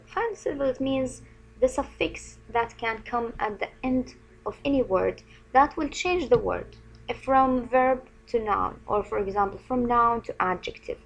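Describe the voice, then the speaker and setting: A woman teaching a spelling lesson, sounding out syllables slowly and often asking the learners questions. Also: a little high, lively intonation, poor audio. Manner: repeats sounds slowly and clearly; friendly, asks questions of the learners. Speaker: English teacher.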